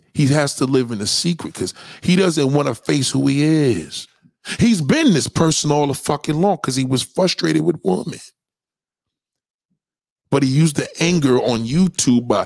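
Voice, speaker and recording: A man's voice: mid-range voice, no echo, clean studio sound. Profane man ranting on a livestream. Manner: profane, animated, shouts out chat viewers. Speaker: livestream host. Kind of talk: comedic storytelling rant on a livestream.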